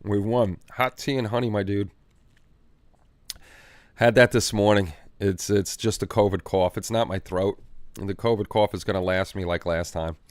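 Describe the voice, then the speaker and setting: A man's voice: on the low side, steady tone, normal speed, no echo. A man hosting a livestream, chatting casually and reading viewer comments in a rambling, easygoing way with repeated phrases. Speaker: livestream host. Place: home hobby room.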